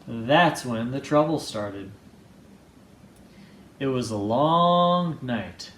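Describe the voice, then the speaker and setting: A man reads a children's picture book aloud at a relaxed, slow pace, his voice rising and falling playfully. His pitch sits a touch high for a man. The room is echoey, with a faint hum behind him. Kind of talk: storybook read-aloud with voices.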